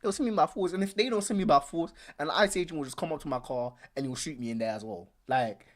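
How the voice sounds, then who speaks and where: Animated young man ranting on stream. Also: a little high, fast. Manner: animated, repeats phrases, slangy. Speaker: live stream host. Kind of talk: casual commentary.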